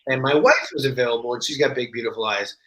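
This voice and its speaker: A man talking as a podcast guest in casual chat, telling stories in an animated way and acting out the voices of the people in them. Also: medium pitch, fast talker. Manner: animated storyteller, acts out quoted voices. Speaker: guest actor. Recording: roomy echo.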